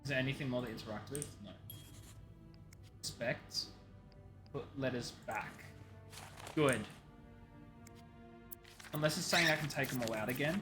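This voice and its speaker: A woman streaming a game, reacting with quick exclamations and laughs as she reads in-game letters aloud. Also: rumbling low. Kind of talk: gameplay commentary with read-aloud letters. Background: faint game music.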